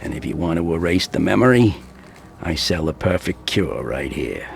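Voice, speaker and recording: A gruff, cynical barkeeper. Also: male voice, deep voice, sing-song, normal speed, slight background noise, full character voice. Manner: blunt, mocking and world-weary. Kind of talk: video game voice acting.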